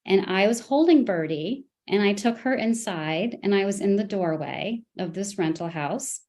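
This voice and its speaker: A woman testifying in a custody case, telling events in a halting way with many restarts and fillers. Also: medium pitch, animated, a little mellow. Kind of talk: court testimony.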